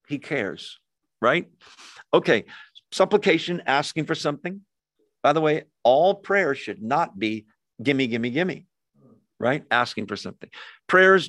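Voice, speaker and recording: A male pastor works through a scripture passage in a relaxed, conversational way. He asks his listeners questions and acts out short prayers in quick, everyday phrasing. His voice sits a little high for a man, and the recording is dry and close. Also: dry recording. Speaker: pastor teaching a Bible study. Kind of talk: conversational sermon teaching.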